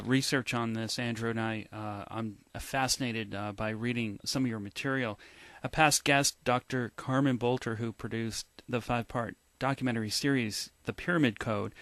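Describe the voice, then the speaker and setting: A man's voice: mid-range voice, fairly bright tone, dry recording. A man hosting a radio interview, asking prepared questions and giving brief affirmations. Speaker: radio host.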